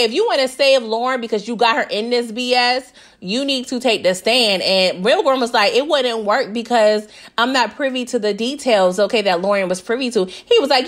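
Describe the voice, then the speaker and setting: A chatty woman with a fairly high voice talks through a TV episode recap. She is animated and keeps addressing her viewers directly, laughing often along the way. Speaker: TV recap vlogger. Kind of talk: casual TV recap.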